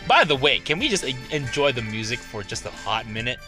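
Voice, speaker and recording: A man giving casual, chatty gameplay commentary, animated and quick to laugh. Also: mid-range voice, music in the background. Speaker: game video host.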